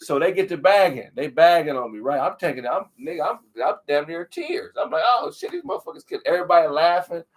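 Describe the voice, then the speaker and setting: Man telling a story with loud, animated energy. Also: fairly high pitch, quick pace, few pauses. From Southern California. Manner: animated, profane storytelling with frequent "you know what I'm saying". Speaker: guest comedian. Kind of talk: casual storytelling interview.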